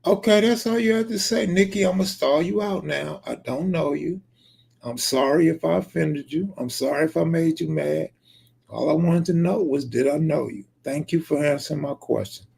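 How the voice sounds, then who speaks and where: Brief: gravel-voiced male streamer, dark husky tone, joking, swears freely. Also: on the high side, moderate pace. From California. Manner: reads viewer comments aloud and banters back, profane and joking. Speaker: live streamer reading chat. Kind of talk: casual live-stream chat.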